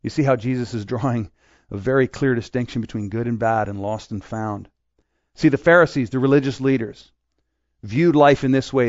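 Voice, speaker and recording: A man's voice: mid-range voice, moderate pace, no room sound, dull audio. A man preaching a sermon in a conversational way, acting out the voices he quotes. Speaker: pastor.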